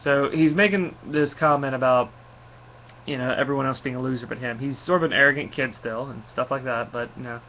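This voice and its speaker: A comic book reviewer gives a casual spoken review, rambling with frequent fillers and restarts. His mid-range voice is steady and a little fast, and the lo-fi recording sounds slightly dull with faint noise.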